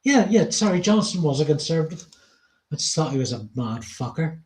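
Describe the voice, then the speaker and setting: A man's voice: a little high, big pitch swings, fairly quick, darkish tone. Casual British man reading notes aloud. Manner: reads text aloud with frequent ums, swears casually. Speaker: podcast co-host.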